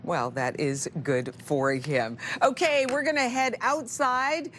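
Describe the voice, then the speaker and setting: A woman's voice: a little high, slow, a bit bright, slight background noise. A woman anchoring a morning show with light, friendly hand-offs. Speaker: studio anchor.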